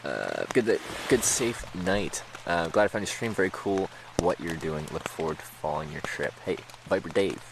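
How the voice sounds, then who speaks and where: Streamer, male, very low voice, loose rambling storyteller, steady rain in the background. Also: moderate pace, gravelly, few pauses, noisy background. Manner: rambling, laughs often, many fillers. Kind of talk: casual storytelling to stream chat.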